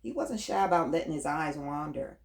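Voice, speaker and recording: A woman narrating a first-person audiobook story with an even, storytelling delivery. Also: deep voice, normal speed, creaky. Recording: roomy echo.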